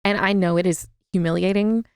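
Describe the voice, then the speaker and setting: A woman's voice: mid-range voice, steady tone, fairly quick, clear, resonant tone, no room sound, studio quality. A woman co-hosting a podcast in casual chat, speaking in a reflective, reassuring way. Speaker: podcast co-host.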